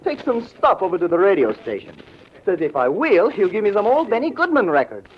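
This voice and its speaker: A man's voice: high voice, huge pitch swings, brisk, slight background noise. An actor playing a chatty, jive-talking young male pianist in a 1940s radio drama, full of hipster slang. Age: young adult. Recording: dull vintage radio recording.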